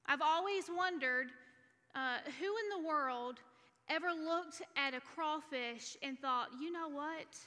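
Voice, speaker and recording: A woman's voice: sits high, takes it slowly, sharp tone. A woman from Alabama preaching a sermon, earnest and teaching point by point. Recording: reverberant church hall.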